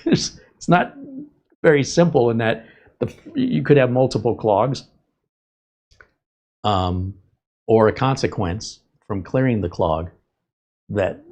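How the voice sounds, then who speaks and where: A man's voice: medium pitch, animated, a little slow, long pauses, darkish tone. A man hosting a live tech stream, talking in a rambling, conversational way and laughing often. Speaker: host.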